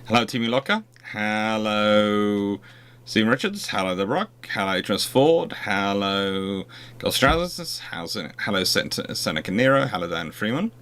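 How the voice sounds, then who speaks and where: A man's voice: lowish voice, expressive, a little slow, a bit bright. A man hosting a livestream, chatting casually and rambling with frequent restarts. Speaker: host.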